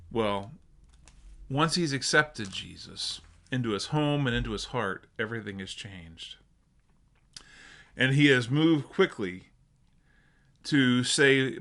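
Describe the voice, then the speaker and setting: A man's voice: medium pitch, bright, forceful tone. Earnest male pastor preaching. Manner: earnest, emphatic with slow stressed phrases. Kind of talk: sermon.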